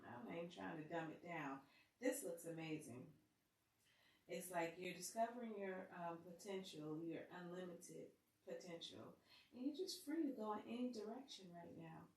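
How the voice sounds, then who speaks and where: A woman's voice: on the low side, far from the mic. Chatty woman reading tarot in a roomy space. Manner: chatty and playful, talks to the cards. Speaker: tarot reader. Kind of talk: casual tarot reading to camera. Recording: roomy sound, set back from the mic.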